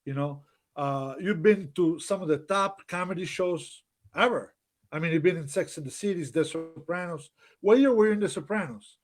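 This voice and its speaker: A man hosting a talk show, asking quick, friendly lead-in questions. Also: on the high side. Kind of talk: casual interview.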